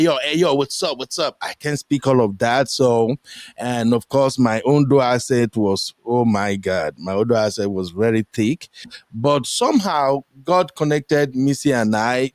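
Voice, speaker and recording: A young Nigerian man hosting a casual online talk show, animated and full of pitch jumps as he quotes people. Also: moderate pace, no echo, clean studio sound. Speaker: host. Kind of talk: casual chat. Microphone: streaming headset mic.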